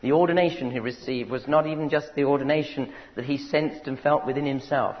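A man's voice: mid-range voice, fairly even intonation, brisk. A man preaching a sermon, telling stories and asking the congregation if they follow him. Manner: storytelling, conversational asides to the congregation. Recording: dull recording with long hall reverb.

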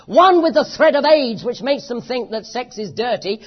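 A British-accented preacher's medium-pitched, slightly rough voice has lively intonation, a moderate pace and few pauses. His sermon is impassioned and emphatic, full of repeated phrases, on a dull lo-fi recording.

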